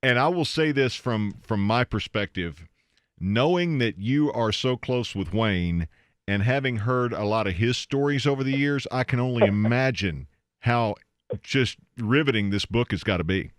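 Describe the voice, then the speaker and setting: A man's voice: medium pitch, animated, normal speed, no room sound, studio quality. A man hosting a radio interview in a casual, easygoing way. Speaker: radio host.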